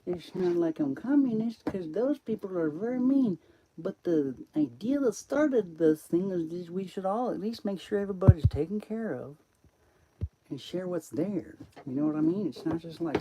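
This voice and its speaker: A man's voice: sits high, background noise. A man talking on a live stream in a rambling, profane monologue that jumps from topic to topic.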